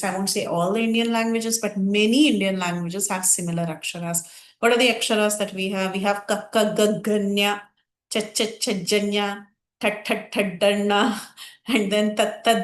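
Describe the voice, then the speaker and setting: A woman leads a scripture class and walks her students through each point. She poses questions, then answers them herself. Her mid-pitched voice carries a roomy echo. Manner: explanatory, asks and answers her own questions. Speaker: teacher. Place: online class.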